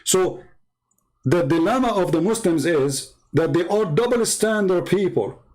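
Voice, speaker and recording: Male stream host, high voice, emphatic polemical debater, broken English grammar. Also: expressive, a little slow, darkish tone, poor audio.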